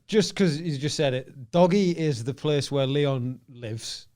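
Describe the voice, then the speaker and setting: A man's voice: medium pitch, measured pace, a little mellow. A young man with a Teesside accent, a podcast guest chatting casually in a rambling, sweary way. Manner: rambling, sweary, with many "like" fillers.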